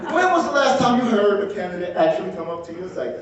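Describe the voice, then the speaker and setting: A man in his sixties giving an energetic, joking campaign stump speech, rallying the crowd with shouts. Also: high-pitched, fairly quick, lo-fi sound. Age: 60s. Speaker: political candidate. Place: indoor hall with audience. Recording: echoey hall, far from mic.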